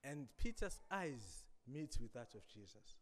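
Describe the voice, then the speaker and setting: A man preaching a sermon, dramatic, swinging between loud emphasis and quiet asides. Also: medium pitch, big pitch swings, measured pace, in a large hall.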